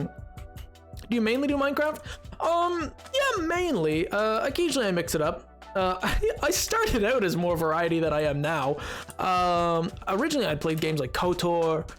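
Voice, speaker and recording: A man's voice: high voice, a bit bright. A man streaming a game live, chatting casually with his viewers in a rambling way and laughing often.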